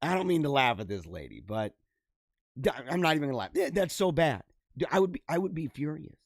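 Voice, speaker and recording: A man's voice: fairly high pitch, sing-song, brisk, dry recording, clean studio sound. A man hosting a show, casually reading out odd news stories and riffing on them with lots of laughter, speaking straight to his viewers. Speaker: podcast host.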